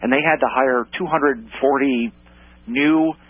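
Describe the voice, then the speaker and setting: A man appearing as a policy analyst guest on talk radio, explaining points in a measured, articulate way. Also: mid-range voice, steady tone, breathy edge, no echo. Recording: tinny phone-like line, dry.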